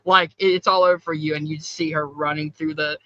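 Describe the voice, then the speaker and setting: A high-voiced man with a bright, forceful tone, hosting a film podcast and gushing enthusiastically. The recording is dry and slightly dull, with a lo-fi edge. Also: little pitch movement, a little fast, no echo. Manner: enthusiastic, upbeat. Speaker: podcast host presenting award categories. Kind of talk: casual film discussion.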